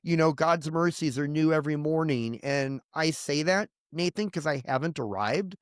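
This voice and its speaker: A man's voice: a little high, dry recording, clean studio sound. A man telling a personal faith testimony in an interview, speaking earnestly and from the heart, with the odd short laugh. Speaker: guest sharing his faith story.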